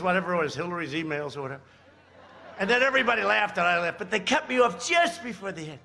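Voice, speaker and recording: A man's voice: high-pitched, expressive, quick pace, vocal fry, bright, forceful tone. An older man in his seventies giving a rally speech at a podium mic, rambling with sarcastic asides and repeated phrases. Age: 70s. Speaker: political speaker at a rally. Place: outdoor rally.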